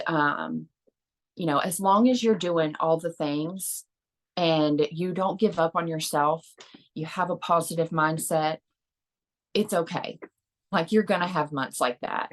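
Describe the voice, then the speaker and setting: A woman's voice: sits low, measured pace, poor audio. A woman giving an earnest, rambling motivational talk at a team meeting, with many fillers and restarts. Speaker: team member sharing at an online meeting.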